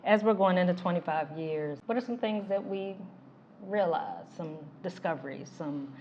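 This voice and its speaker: Middle-aged woman, lowish voice, measured and reflective, talk show co-host, dull muffled recording with faint noise. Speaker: relationship coach and podcast co-host. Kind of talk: casual couple's talk show chat.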